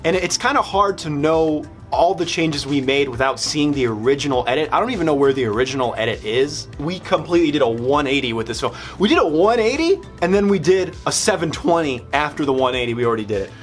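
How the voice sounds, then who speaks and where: A man's voice: medium pitch, quick pace, hardly any pauses, faint music behind. A young man casually commenting on his old student film in a rambling, self-mocking way. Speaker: filmmaker reacting to his old films.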